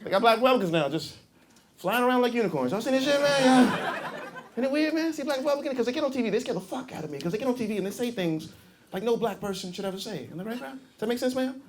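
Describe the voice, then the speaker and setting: A man's voice: very high voice, expressive, fast talker. A man doing a loose, profane stand-up set on a comedy club stage. He laughs at his own jokes and riffs with the crowd between bits. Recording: live club taping with crowd laughter and room noise.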